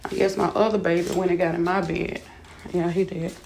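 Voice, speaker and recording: With a lowish, darkish voice that barely moves in pitch, vocal fry and a slightly fast pace, a shaken vlogger who has just woken up vents her anger to viewers. She swears heavily and keeps repeating herself, and a little hiss or hum sits under the audio.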